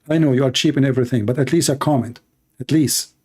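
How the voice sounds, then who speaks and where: A man signing off a live stream, scolding viewers and preaching with slow, emphatic repetition, hoarse from losing his voice. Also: mid-range voice, a little mellow. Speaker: host of a live-streamed religious debate channel.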